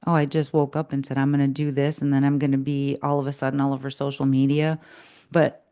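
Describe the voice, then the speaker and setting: A woman co-hosting a podcast in casual chat, chatty and animated and quick to laugh. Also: rumbling low, clear, resonant tone. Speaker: podcast co-host.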